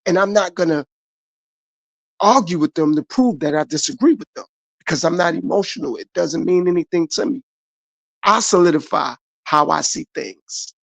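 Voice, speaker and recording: A man's voice: a little high, moderate pace, creaky, a bit bright, dry recording. A middle-aged man from the United States, talking earnestly and repetitively about his own life in a motivational podcast monologue. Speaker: podcast host.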